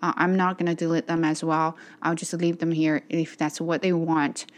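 A woman who teaches English, chatting casually to her vlog audience and pausing often with fillers. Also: deep voice, level tone. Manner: hesitant, many fillers.

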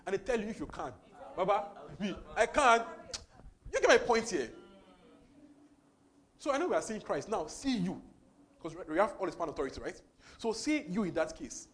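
A man preaching over a Bible reading, animated and laughing often, with repeated exclamations. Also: sits high, brisk, pauses often. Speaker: preacher leading a Bible study. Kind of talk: lively sermon commentary.

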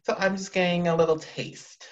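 A teenage boy hosting a podcast rambles casually while explaining himself, sounding defensive and exasperated. His voice sits high with little pitch movement at a moderate pace, on a dull lo-fi recording.

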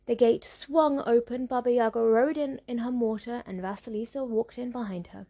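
Gravelly woman reading a folktale. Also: on the high side, warm tone. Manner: measured, rhythmic. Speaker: narrator. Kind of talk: storybook reading.

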